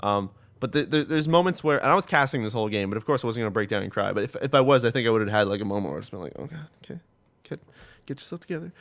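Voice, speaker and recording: A man's voice: fairly low pitch, rapid-fire, few pauses, a bit bright. A man co-hosting a gaming podcast, chatting casually and rambling with lots of "like" and quoted asides. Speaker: podcast co-host.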